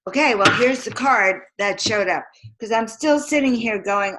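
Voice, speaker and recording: This spiritual teacher and card reader has a fairly high, slightly bright voice and speaks at a normal pace on a rough recording. During her live motivational talk she is emphatic, chanting affirmations and throwing questions out to her listeners for responses.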